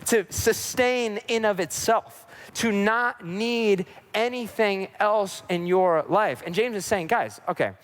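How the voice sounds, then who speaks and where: A man's voice: sits high, slow pace, few pauses, smooth. A young man on a faith podcast, giving a sermon-like teaching and telling a personal story, acting out the voices he quotes. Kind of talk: preaching-style faith talk with personal story.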